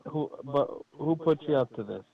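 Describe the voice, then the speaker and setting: Calm, amused male caller, mid pitch, muffled lo-fi phone line, dry. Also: moderate pace, creaky, slightly rough, no room sound. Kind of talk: phone conversation.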